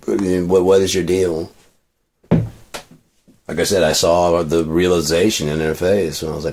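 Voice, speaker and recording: A man's voice: a bass voice, flat delivery, normal speed, darkish tone, slight background noise. A man venting in a rambling, profane monologue with many restarts. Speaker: vlogger.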